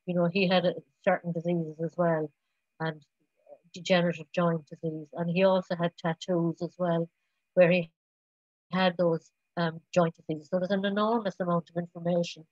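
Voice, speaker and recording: A woman's voice: fairly low pitch, little pitch movement, a little mellow, dry recording. Middle-aged woman lecturer, meandering delivery full of restarts, dull lo-fi sound. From Ireland. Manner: rambling, halting, many restarts and fillers. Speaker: lecturer in archaeology. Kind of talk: public lecture. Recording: dull lo-fi recording.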